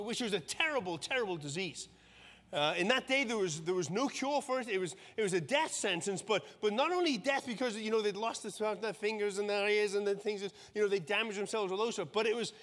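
A man with a high voice preaches a sermon in a relaxed, conversational way, checking in with "okay?" and often repeating words. His voice rings with a long reverb, as in a church hall. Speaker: pastor.

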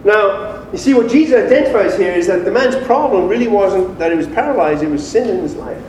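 A high-voiced male pastor gives a loose, lively sermon. He sounds far from the mic, his voice bouncing around a big, very echoey hall with a faint background hiss. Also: fairly quick. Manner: animated and informal, acts out quoted voices. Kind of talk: casual conversational sermon.

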